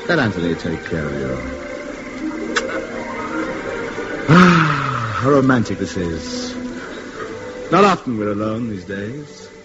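An actor playing a pompous, bumbling crook who stumbles over his words, in vintage radio comedy. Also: fairly low pitch. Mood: wooing. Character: pompous bumbling male crook, comically nervous. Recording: dull old radio recording with loud hiss.

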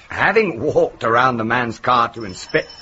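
An actor playing a pompous, fussy teacher who earnestly tells a flat joke. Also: male voice, medium pitch, measured pace, close to an everyday voice. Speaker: schoolteacher. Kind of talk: television comedy-drama acting. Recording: dull lo-fi TV sound, faint hiss.

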